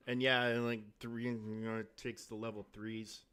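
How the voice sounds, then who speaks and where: Man, game streamer, casual rambling chat, desk mic, home setup, mid pitch. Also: completely flat delivery, normal speed, fairly bright tone, clean tone. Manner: rambling, self-interrupting, chatty. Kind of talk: casual live-stream chat while gaming. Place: home room with his desk and stream camera. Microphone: desk mic on a stand.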